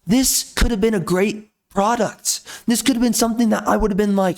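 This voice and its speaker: A man's voice: high-pitched, fairly even intonation, brisk, few pauses. A man giving a ranting commentary, blunt and repetitive, venting frustration at length. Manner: ranting, repeats himself, blunt. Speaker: video commentator.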